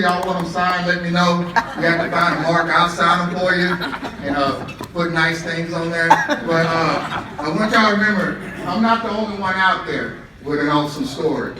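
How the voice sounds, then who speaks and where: An American man with a high voice tells stories to a live audience and laughs often at his own jokes. His voice rings out in an echoey event hall, and there is a lot of background noise. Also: fairly even intonation, moderate pace, over a noisy crowd. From United States. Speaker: motivational speaker. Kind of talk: humorous storytelling speech.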